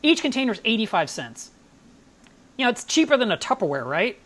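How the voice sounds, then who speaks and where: A woman's voice: fairly high pitch, very animated, fairly quick, a bit bright. A woman hosting a live stream, chatting casually and telling stories with enthusiasm.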